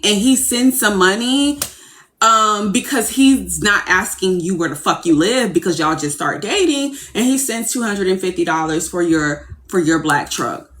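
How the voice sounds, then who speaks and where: A young woman ranting casually on a livestream, brash and profane, breaking into giddy squeals when she acts out her excitement. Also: mid-range voice, slight background noise.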